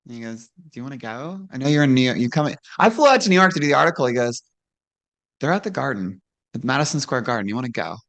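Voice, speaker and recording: A woman's voice: rumbling low, lively intonation, fast talker. A woman who used to wrestle professionally, chatting casually as a guest. She tells stories frankly, laughs often and acts out quoted dialogue. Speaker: guest, former pro wrestler. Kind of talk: casual chat, storytelling.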